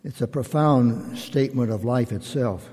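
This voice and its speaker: An older man, a pastor, giving a slow and reflective sermon in measured, drawn-out phrases. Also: mid-range voice, mellow, breathy edge. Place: church sanctuary. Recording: long reverb of a church hall.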